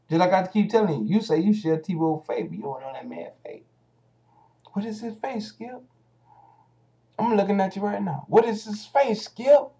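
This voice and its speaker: A man's voice: high voice, dark tone. A man giving casual ranting commentary as a vlogger, heated and profane, speaking straight at the hosts he criticizes.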